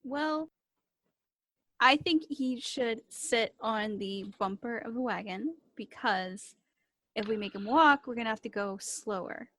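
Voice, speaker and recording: A woman's voice: fairly high pitch, a little slow, fairly bright tone, no echo. A woman playing a tabletop game, making brief, practical remarks in the banter. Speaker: player.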